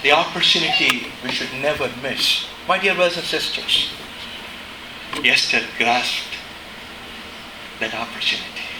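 A middle-aged man preaching a sermon in a chapel, impassioned, dropping to a hush and rising to shouts. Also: mid-range voice, a little slow, long pauses, roomy sound, very noisy. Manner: impassioned, swings between hushed and shouting.

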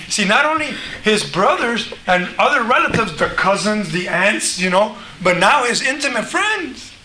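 A man preaching a conversational sermon, animated, acting out the voices he quotes. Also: high voice. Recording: echoey room, faint noise.

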